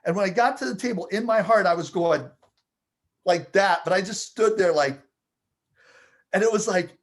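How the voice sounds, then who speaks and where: A man with a slightly high-pitched voice recounts a personal story. He tells it with animated energy, building excitement and acting out each moment as he speaks. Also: unhurried. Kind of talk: storytelling anecdote.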